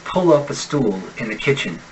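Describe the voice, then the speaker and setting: A man's voice: medium pitch, expressive, darkish tone, slight background noise, rough recording. American man reading pronunciation drills. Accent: General American. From United States. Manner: slow, deliberate enunciation of sample words. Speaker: accent instructor. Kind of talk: reading example sentences in a pronunciation lesson.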